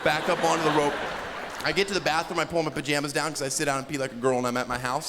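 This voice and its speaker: A man doing a stand-up routine, telling a story with animated delivery and acting out characters' voices. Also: fairly high pitch, quick pace. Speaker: stand-up comedian. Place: comedy stage. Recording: echoey noisy live stage recording.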